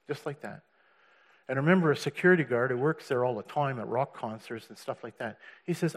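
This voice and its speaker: A man's voice: medium pitch, fast talker, breathy edge. A man giving a personal church testimony, telling his story earnestly with restarts and laughs.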